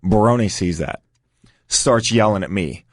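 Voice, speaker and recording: Lowish male voice, casual storytelling, dry close sound. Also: measured pace, no echo. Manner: anecdotal, acts out quotes. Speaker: guest.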